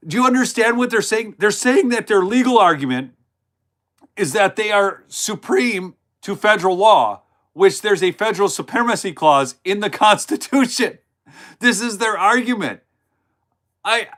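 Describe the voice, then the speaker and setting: A man's voice: sits high, pushed and bright. A man hosting a live stream with political commentary, incredulous and emphatic, reading news and answering chat. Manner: incredulous, emphatic, keeps asking chat to respond.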